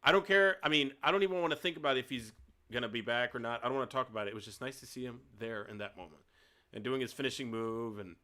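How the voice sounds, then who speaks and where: A man chatting on a wrestling podcast, blunt and emphatic, with heartfelt conviction. His voice is bright and sharp, pitched in the middle range. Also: quick pace. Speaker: podcast co-host. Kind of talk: casual wrestling chat.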